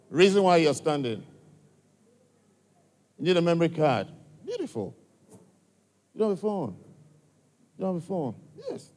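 A man's voice: a little high, a little mellow. A man with an African accent speaking live to a church congregation, directly and coaxingly quizzing people in the crowd. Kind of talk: live address to an audience. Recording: long reverb from a large hall.

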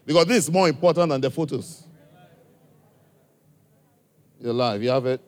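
With a mid-range voice and a fast delivery, a man with an African accent talks live to a church congregation, directly and coaxingly questioning those in the crowd. Long reverb from the large hall fills the recording.

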